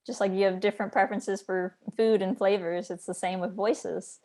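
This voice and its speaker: A woman's voice: mid-range voice, steady tone, moderate pace, warm tone. A woman editor hosting an interview, speaking in an easygoing, conversational way.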